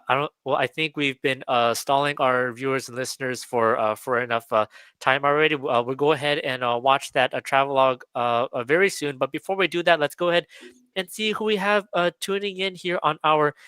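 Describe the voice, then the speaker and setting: A man's voice: mid-range voice, fairly even intonation, brisk, sharp tone, smooth, dry recording. A young man from Texas hosting a live radio talk show, chatting with a guest and reading listener comments, with frequent fillers and restarts. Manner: hesitant, many fillers and restarts.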